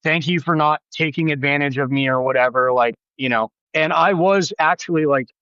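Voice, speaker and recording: A man in his thirties talks in a fairly high voice, spinning a story in loose, casual chat. His voice leaps up when he acts out what others said. It comes through a remote mic, a little dull and dry. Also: brisk, smooth, dry recording. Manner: animated, acts out quoted voices with big pitch jumps. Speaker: podcast guest.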